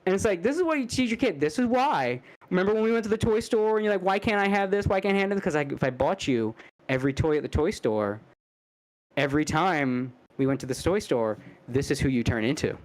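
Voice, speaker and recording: A man co-hosting a podcast, ranting in a crude, rambling, animated way and slipping into mocking put-on voices. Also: on the high side, fairly quick, rough recording. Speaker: podcast co-host. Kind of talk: casual podcast chat.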